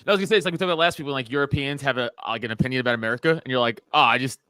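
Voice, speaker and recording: A man's voice: mid-range voice, steady tone, very fast, a bit bright, clear, resonant tone, no room sound. A young man co-hosting a podcast, making blunt, crude jokes in casual banter. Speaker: podcast co-host.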